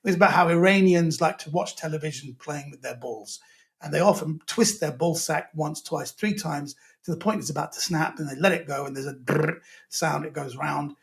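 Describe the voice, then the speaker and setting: High-voiced animated male comedian. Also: normal speed, gravelly. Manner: lively, rambling, self-mocking storyteller. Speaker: guest comedian. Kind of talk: animated anecdote telling.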